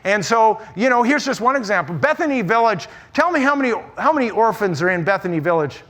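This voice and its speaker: A man preaching an energetic conference sermon, humorous and emphatic, often repeating words. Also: high-pitched, fast talker. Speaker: pastor speaking at a church conference.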